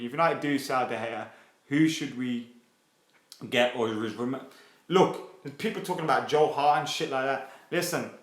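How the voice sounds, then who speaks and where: A man hosting a casual football fan live stream, excitable and sweary as he reads viewer comments aloud. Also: medium pitch. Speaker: football fan channel host. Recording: roomy echo.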